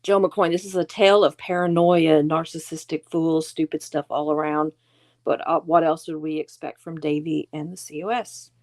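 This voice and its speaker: A woman's voice: low voice, flat delivery, moderate pace, darkish tone. A middle-aged woman hosting a casual livestream, chatting in a rambling way, reading viewer comments aloud and laughing often. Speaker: livestream host.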